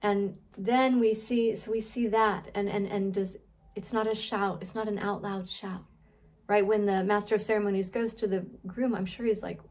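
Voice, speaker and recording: A woman's voice: mid-range voice, steady tone, moderate pace, darkish tone. A woman giving a casual Bible teaching, thinking aloud with frequent restarts and repeated words, and asking her listeners questions. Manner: conversational, asks the listeners questions.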